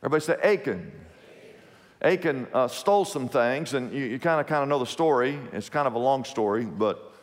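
A man preaching a sermon as a pastor, telling stories in an animated way and repeating his phrases. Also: mid-range voice, a little fast, big-room sound. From Kansas, USA.

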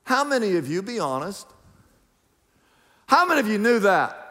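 Male pastor, high voice, emphatic sermon delivery, church hall reverb. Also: big pitch swings, moderate pace, bright, forceful tone. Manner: emphatic preaching, rhetorical questions to congregation. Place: church sanctuary.

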